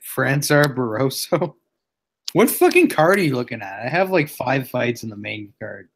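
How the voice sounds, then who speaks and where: A man's voice: mid-range voice, big pitch swings, normal speed, gravelly, slight background noise. A man from Canada co-hosting a sports podcast, goofy and calling everyone "bro". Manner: goofy, says "bro" a lot. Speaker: podcast co-host. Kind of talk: casual chat.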